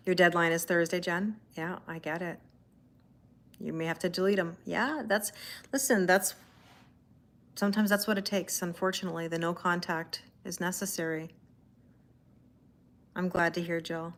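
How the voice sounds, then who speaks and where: A woman hosting a live tarot stream from home, chatting casually with viewers, reading out their comments and answering them, and cooing to her cats in a high baby-talk voice. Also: steady tone, normal speed, pauses often, a bit bright. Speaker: tarot reader hosting a livestream.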